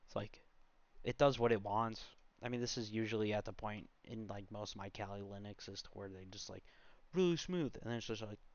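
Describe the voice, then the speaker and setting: A man's voice: on the low side, level tone, a little fast, no room sound. Rambling young man walking through a tutorial. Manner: rambling, chatty, full of fillers and asides. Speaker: tutorial host. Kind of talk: casual screen-recorded walkthrough. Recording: slightly dull, dry home recording.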